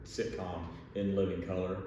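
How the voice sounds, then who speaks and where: A man chimes in with quick wisecracks as co-host. His voice is very low. He sounds far from the mic in a reverberant, echoing space. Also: completely flat delivery, warm tone. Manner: wisecracking, short interjections. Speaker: podcast co-host. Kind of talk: casual chat. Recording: echoey hall, distant mic, faint noise.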